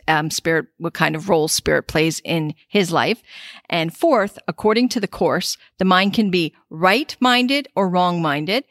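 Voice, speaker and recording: A woman's voice: on the low side, no room sound, clean studio sound. A woman hosting a spiritual podcast, reflective and heartfelt. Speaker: podcast host. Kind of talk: casual podcast talk.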